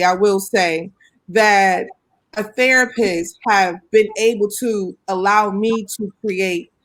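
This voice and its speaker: A woman hosting a casual panel talk, telling lively stories and acting out dialogue with sudden jumps in pitch. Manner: animated storytelling, acts out dialogue with big pitch jumps. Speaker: host. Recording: remote call audio.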